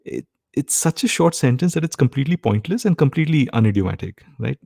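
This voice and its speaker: A male test-prep instructor runs a live online lesson with a gravelly, mellow voice. He keeps pausing to ask if everyone is following. The sound is close and dry, with no room echo. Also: medium pitch, big pitch swings. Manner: frequent comprehension checks, asks "right?" often.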